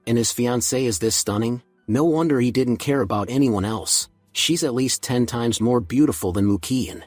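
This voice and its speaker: A man with a husky voice reading a scripted story recap in a steady, even delivery. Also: mid-range voice, normal speed, dry recording, faint music behind. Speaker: recap narrator.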